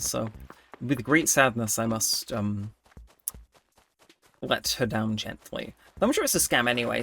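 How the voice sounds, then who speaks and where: A man giving chatty, rambling commentary while playing a cozy life-sim game, thinking out loud. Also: mid-range voice, slight background noise. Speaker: let's play host.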